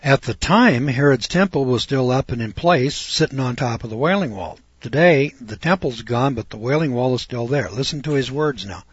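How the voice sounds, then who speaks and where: A man's voice: mid-range voice, lively intonation, normal speed, hardly any pauses, slightly rough, no echo. An older man teaching from the Bible in a folksy, chatty way, full of rhetorical questions. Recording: dull dry lo-fi recording.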